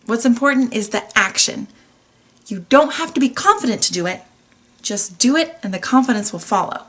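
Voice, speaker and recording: A woman's voice: fairly high pitch, expressive, normal speed, fairly bright tone, a little hiss or hum. A woman hosting her own podcast, giving a candid, chatty motivational talk that is playful and laced with mild swearing. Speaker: podcast host. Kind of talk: casual motivational monologue.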